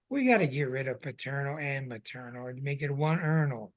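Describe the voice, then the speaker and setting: An excitable man hosting a live online astrology show. He speaks with emphatic enthusiasm and sounds a little out of breath as he presses each point to his viewers. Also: mid-range voice, fairly quick.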